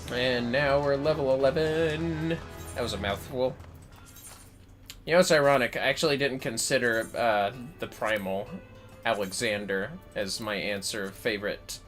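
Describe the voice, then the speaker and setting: A man talks casually into his desk mic while streaming a game, swearing freely and answering chat. His voice is bright and forceful at a middle pitch, and faint game music plays underneath. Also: a little slow, pauses often. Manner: chatty, swears freely, reads chat aloud. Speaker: livestreamer. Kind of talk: casual gameplay commentary.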